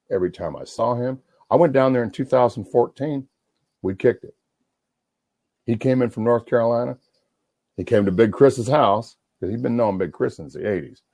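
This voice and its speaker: A man from Washington State in a rambling, profane livestream rant, swinging between mumbling and yelling. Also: fairly low pitch, creaky, no room sound.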